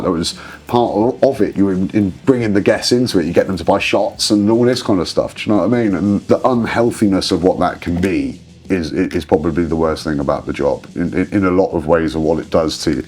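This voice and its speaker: A man in his forties, a guest telling rambling, animated stories and swearing freely in a casual interview. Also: deep voice, breathy edge. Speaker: guest, drinks brand ambassador.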